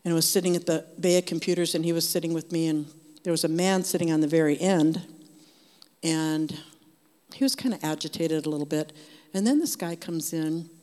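Low-voiced older woman sharing testimony. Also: fairly quick, mellow. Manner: earnest, conversational storytelling. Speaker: member of a church group sharing. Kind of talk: personal faith testimony. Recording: long hall reverb.

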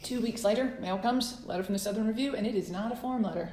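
A woman in her forties, an author being interviewed, telling her story with lively acted-out asides. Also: mid-range voice, fast talker, slight background noise. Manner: animated storyteller, acts out quoted letters. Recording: roomy echo.

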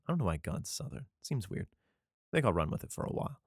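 A man's voice: on the low side, animated, moderate pace, dry recording, clean studio sound. A man reading Bible verses aloud in a solemn tone, breaking off for irreverent, profane comic commentary. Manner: mixes solemn archaic reading with crude jokes; laughs often, profane. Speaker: scripture reader and commentator.

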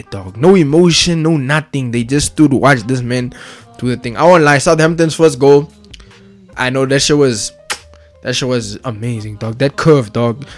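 A young man rants casually about football, excitable and slang-heavy, tagging nearly every phrase with street slang. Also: mid-range voice. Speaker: vlogger.

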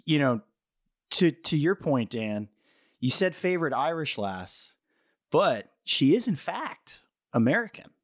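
A man co-hosting a podcast in casual chat, hesitant and halting as he talks. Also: on the high side, big pitch swings, no echo, clean studio sound. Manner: hesitant, many fillers and restarts. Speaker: podcast co-host. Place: at home in Queens, remote call.

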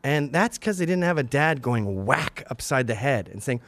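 A man in his forties rants through a crude comedic monologue, and his pitch swings widely. He bursts into loud outbursts now and then. The sound is dry and close to the mic. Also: lively intonation, normal speed, dry recording. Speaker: podcast host.

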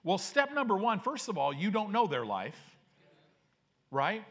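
A man preaching a sermon as pastor, reading scripture aloud with slow, emphatic phrasing. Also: high-pitched, big pitch swings, fairly bright tone.

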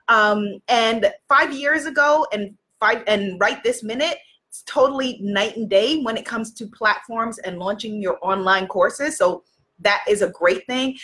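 A woman's voice: mid-range voice, sharp tone. A woman business coach giving a chatty live-streamed talk to her students, laughing often as she goes.

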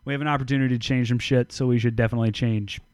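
A man's voice: mid-range voice, steady tone, racing, noisy background. A man hosting a casual podcast, blunt, emphatic and full of swearing. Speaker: podcast host. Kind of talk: casual profane podcast chat.

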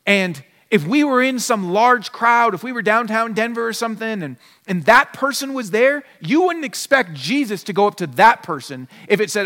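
A man's voice: sits high, animated, moderate pace, few pauses, a bit bright. A man preaching a conversational sermon as a pastor, now and then acting out short imagined conversations. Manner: conversational preaching, acts out little dialogues. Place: church sanctuary. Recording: long hall reverb.

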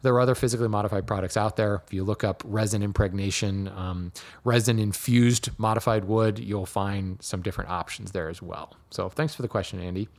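Relaxed man answering listener questions. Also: fairly low pitch, a little fast, creaky. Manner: relaxed, many ums and restarts, laughs lightly. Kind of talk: casual explanatory talk.

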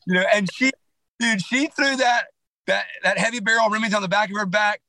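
Bright, animated man telling a story. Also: high voice, fairly quick, no room sound, rough recording. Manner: animated, rambling, with many restarts. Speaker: podcast guest, clothing company founder. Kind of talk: casual storytelling interview.

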